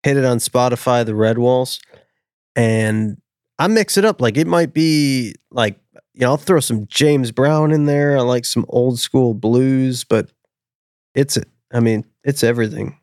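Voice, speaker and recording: A man's voice: medium pitch, measured pace, a little mellow, no echo, clean studio sound. A man chatting casually on a podcast, brash, profane and enthusiastic. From northern suburbs of Chicago. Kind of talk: casual chat.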